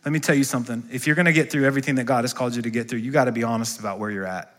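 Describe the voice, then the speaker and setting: A man's voice: mid-range voice, steady tone, very fast. A male pastor preaching a sermon in a church, asking the congregation questions and calling for responses. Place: church sanctuary.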